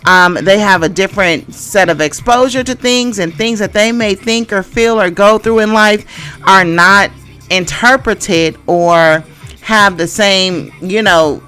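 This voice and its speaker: A woman's voice: medium pitch, a little slow, pushed and bright, smooth, faint music behind. A middle-aged woman giving a casual tarot reading, rambling and hesitant, with many fillers and restarts. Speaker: tarot reader.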